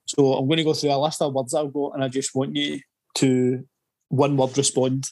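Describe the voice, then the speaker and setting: A man's voice: mid-range voice, little pitch movement, moderate pace, a little mellow. A Scottish man hosting a podcast interview, asking questions in a laid-back way. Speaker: podcast host. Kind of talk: casual interview chat.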